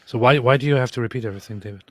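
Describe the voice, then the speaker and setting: A man's voice: medium pitch, very fast, dry recording. A man guesting on a casual live stream, giving dry, wry short replies. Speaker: co-host guest.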